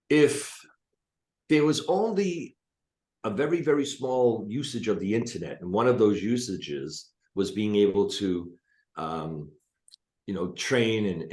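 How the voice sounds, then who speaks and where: A man's voice: fairly low pitch, takes it slowly, long pauses, a little mellow, reverberant. A male hypnotist and coach, a guest talking on a video call from his office, explaining things emphatically with blunt asides. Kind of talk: casual spoken teaching.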